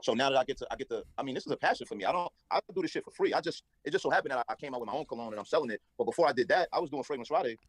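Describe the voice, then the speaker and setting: A man's voice: medium pitch, expressive, very fast, hardly any pauses, breathy edge, no echo, rough recording. A man being interviewed as a rapper, laid-back and casual, often repeating words.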